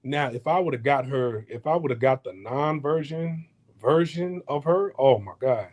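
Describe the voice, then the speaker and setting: A man's voice: medium pitch, animated, unhurried, a little mellow, muffled recording. A man ranting in a casual, heated monologue, swearing often and stumbling over repeated words. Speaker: podcast host. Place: home in Houston.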